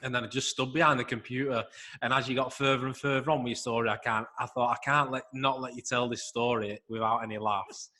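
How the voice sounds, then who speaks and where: A man co-hosting a podcast, replying in relaxed, halting casual chat. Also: medium pitch. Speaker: podcast co-host.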